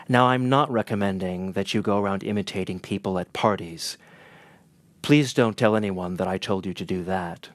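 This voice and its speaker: Northern American man, measured and earnest. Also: on the low side, dry recording. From northern United States. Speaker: interpreter and teacher. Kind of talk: scripted lesson to camera.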